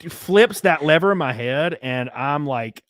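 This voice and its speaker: A young man from the American South hosts a podcast in a crude, meandering, casual way full of restarts. His voice runs rather high and slightly bright, animated but a bit slow, recorded in echo-free studio quality.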